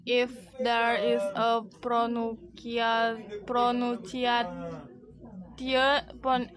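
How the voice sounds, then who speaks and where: A woman's voice: on the high side, flat delivery, drawn-out words, a crowd in the background, low-quality recording. A woman who is not a native English speaker gives a class presentation, reading hesitantly and restarting words. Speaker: student presenter.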